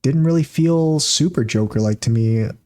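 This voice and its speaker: A man's voice: on the high side, moderate pace, warm tone. A man co-hosting a podcast, rambling through recaps in casual chat, laughing often and filling gaps with "like" and "uh". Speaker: podcast co-host.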